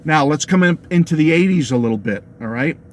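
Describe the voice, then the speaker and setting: Chatty New England man, slightly high voice. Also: animated, fairly quick, a little hiss or hum. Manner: chatty, laughs often, keeps checking in with the viewers. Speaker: music vlogger. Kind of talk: casual opinionated monologue to camera.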